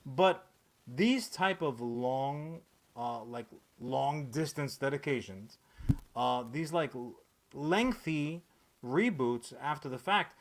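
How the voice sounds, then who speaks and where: A man's voice: mid-range voice, expressive, slow pace. A man in his thirties hosting a casual comic-book podcast, ranting sarcastically and profanely with lots of fillers and restarts. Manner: profane, rambling, sarcastic rant with many fillers. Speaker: podcast host.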